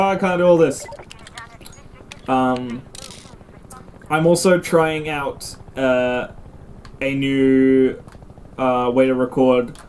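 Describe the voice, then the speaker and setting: A man's voice: mid-range voice, slight background noise. A young man casually commentating while playing a game at home, swearing a lot and yelping when things go wrong. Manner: swearing, excitable, yelps when startled. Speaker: let's play gamer. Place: home room. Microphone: desk mic and camera mic.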